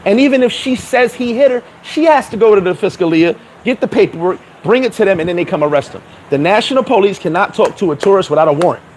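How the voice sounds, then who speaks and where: A man's voice: sits high, animated, fast talker, few pauses, darkish tone, a little hiss or hum, low-quality recording. A man giving blunt, profane, streetwise advice in a casual monologue, acting out the dialogue of the people he talks about. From New York. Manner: acts out dialogue in quoted voices. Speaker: vlogger.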